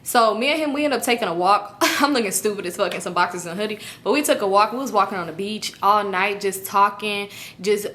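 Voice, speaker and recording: Young woman, bright voice, casual storytime vlog, animated, swears a lot, laughs at her own story. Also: mid-range voice. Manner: animated, profane, laughing asides to viewers. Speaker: storytime vlogger.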